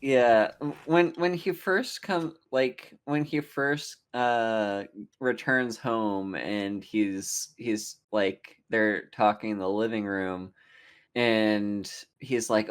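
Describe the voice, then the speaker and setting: A woman co-hosting a podcast, chatting casually about a film, halting and restarting her sentences, with dry quips. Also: rumbling low, smooth. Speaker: podcast co-host. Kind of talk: casual film-review chat.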